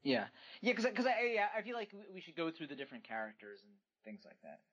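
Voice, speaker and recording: An excitable man chatting on a movie podcast, his fairly high voice swinging widely in pitch. He jumps into the conversation eagerly and laughs often. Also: fast talker, lo-fi sound. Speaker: podcast co-host. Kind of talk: casual movie review chat.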